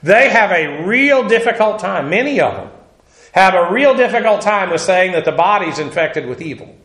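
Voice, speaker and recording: A man delivering a verse-by-verse sermon in a fairly high voice for a man, talking emphatically and conversationally, with dry humorous asides. The room around him rings with echo. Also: animated, moderate pace, fairly bright tone. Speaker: pastor. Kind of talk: expository Bible teaching sermon. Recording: echoey room.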